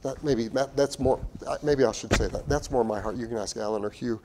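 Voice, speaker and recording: A man preaching a sermon as pastor. He talks earnestly, repeats and restarts phrases, rises to emphatic peaks and drops to a quiet tone. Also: mid-range voice, fairly quick, background noise.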